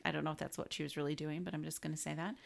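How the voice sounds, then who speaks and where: A woman's voice: low voice, level tone, very fast, vocal fry. A woman co-hosting a casual movie podcast, giggly and teasing her partner. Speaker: podcast co-host.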